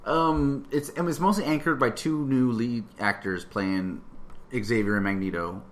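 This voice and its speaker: A man's voice: mid-range voice, unhurried. Chatty man discussing movies. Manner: rambling, restarts sentences, animated. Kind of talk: casual film discussion.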